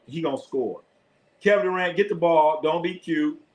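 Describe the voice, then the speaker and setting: A live commentator and sports streamer gives excitable play-by-play and casual sports talk, hollering at players and swearing offhandedly. He speaks at a moderate pace with a voice on the high side, over poor audio.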